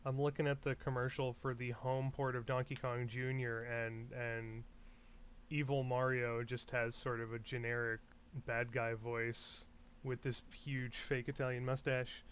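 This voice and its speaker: Brief: male co-host, mid-pitched, dry and wry in casual chat. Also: flat delivery, unhurried, fairly bright tone, a little hiss or hum. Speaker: podcast co-host.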